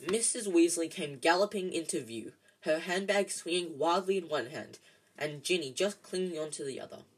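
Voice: mid-range voice, moderate pace, slight background noise, low-quality recording. A reader narrating a storybook in an amateur audiobook style, often stumbling and correcting themselves.

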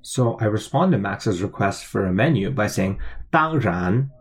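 Male teacher, low husky voice, patient step-by-step explainer. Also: lively intonation, unhurried. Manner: explains word by word, spelling out tones. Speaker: language teacher playing a waiter. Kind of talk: language lesson.

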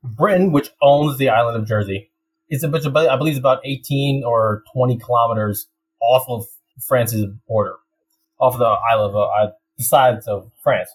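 A young man in casual chat, telling a story with lots of laughs and quick put-on voices. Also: mid-range voice, rough recording. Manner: animated storytelling, laughs often, slips into voices.

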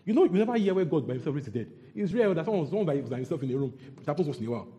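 A man's voice: on the high side, very animated, very fast, warm tone. A man preaching a sermon, repeating phrases and quizzing the congregation.

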